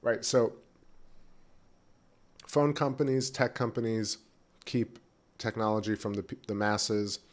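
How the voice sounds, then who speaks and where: Out on his back porch at home, a man hosts a casual livestream, rambling and chatting while he eats. His voice is fairly low, his pace slow, and he pauses often.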